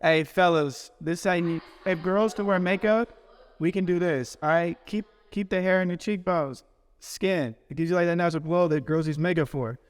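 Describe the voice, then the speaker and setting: A man's voice: high voice, moderate pace, clean tone, big-room sound. A man co-hosting a podcast who banters in casual, slang-filled, joking talk. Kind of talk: casual chat.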